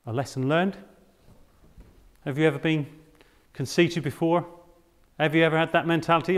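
A man's voice: on the high side, fairly even intonation, normal speed, long pauses, big-room sound. A man preaching a sermon, dramatic and emphatic, with rhetorical questions.

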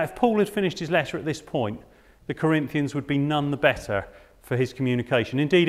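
Male preacher with a dramatic, emphatic sermon style and a somewhat high voice, recorded in a hall with long reverb. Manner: dramatic, emphatic, with rhetorical questions.

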